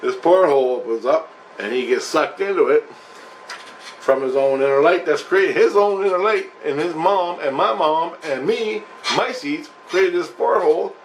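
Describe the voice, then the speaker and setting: A man's voice: on the high side, moderate pace, a little hiss or hum, poor audio. A man telling a personal story in a rambling, profane, emphatic monologue.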